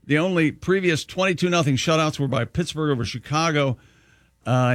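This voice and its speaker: A man on a morning radio show runs through sports scores and odd news, breaking off for jokes. His voice sits a little high for a man. The studio sound is dry and close. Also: no room sound. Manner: joking, plays out scenes in a mock pep-talk. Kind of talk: casual radio banter, reading news items.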